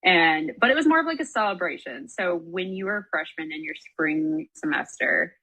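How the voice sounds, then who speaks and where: Husky young woman telling a story. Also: on the low side, normal speed, rough recording. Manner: animated, swearing, acts out quoted voices, frequent "like". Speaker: guest, former college soccer player. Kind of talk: casual podcast storytelling.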